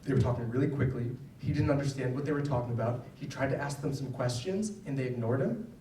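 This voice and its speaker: A man's voice: mid-range voice, quick pace, warm tone, slight background noise. A man, a psychologist, giving a conversational talk to parents with personal stories, often checking in with "right?". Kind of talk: public lecture with personal stories. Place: school event hall. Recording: roomy, distant mic, faint ambience.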